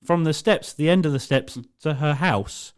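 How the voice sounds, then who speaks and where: Young man, podcast co-host, giggly casual storyteller, a bit higher-pitched. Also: moderate pace, clear, resonant tone. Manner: laughs through his story, swears a lot.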